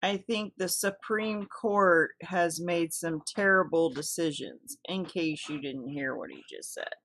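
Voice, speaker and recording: Unhurried woman narrating over clips, easygoing and chatty. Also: on the low side, poor audio. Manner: relaxed, chatty, devout asides. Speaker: video commentator. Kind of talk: casual commentary over footage.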